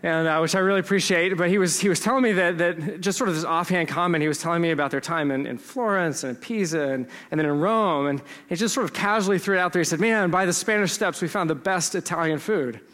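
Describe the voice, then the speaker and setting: A pastor from Texas telling stories in a relaxed, joking sermon. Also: male voice, fairly high pitch, fast talker, few pauses, big-room sound. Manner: conversational storytelling with humor.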